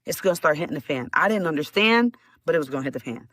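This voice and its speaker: A middle-aged woman telling her testimony as a guest, animated, repeating words and laughing often. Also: sits low, quick pace, no room sound. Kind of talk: emotional storytelling.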